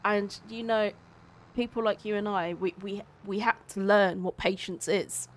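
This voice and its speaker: A woman's voice: medium pitch, steady tone, a little slow. A woman hosting a gaming stream, chatting casually with a friend and teasing him with frequent laughs. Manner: warm, teasing, laughs often. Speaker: gaming channel host. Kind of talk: casual chat while gaming.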